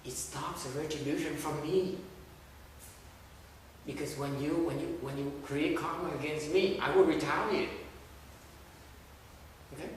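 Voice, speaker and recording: A man's voice: fairly high pitch, fairly even intonation, a little slow, long pauses. A male Buddhist master delivering a sermon in a blunt, scolding way, often checking in with his listeners. He sounds some distance from the mic, and his voice rings out through a big reverberant hall. A faint hum of room noise sits underneath. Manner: blunt and scolding, with rhetorical questions. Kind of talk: dharma talk sermon. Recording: echoey hall from far off.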